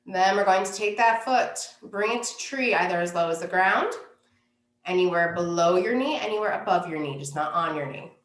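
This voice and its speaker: A woman teaching a yoga class, giving calm, unhurried cues for poses and breathing. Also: fairly low pitch, reverberant. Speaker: yoga instructor. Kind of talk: guided yoga class instruction.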